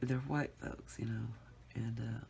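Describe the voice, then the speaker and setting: Gravelly, slow-talking chatty woman. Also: a bass voice, steady tone, a little mellow, slight background noise. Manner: chatty, rambling, laughs often, addresses viewers as y'all. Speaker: craft vlogger. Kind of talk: casual storytelling to viewers.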